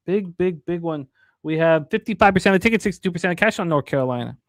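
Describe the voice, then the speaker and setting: Quick man reading betting lines. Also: sits high, animated, no room sound. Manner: reads odds and numbers quickly, many fillers. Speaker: sports betting show co-host. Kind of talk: casual sports betting talk.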